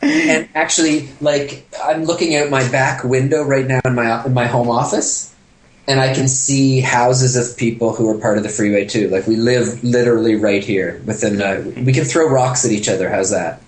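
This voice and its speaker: A man's voice: mid-range voice, moderate pace. A Canadian man talking from his home office as a podcast guest, joking and laughing easily. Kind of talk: casual conversation. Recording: echoey room.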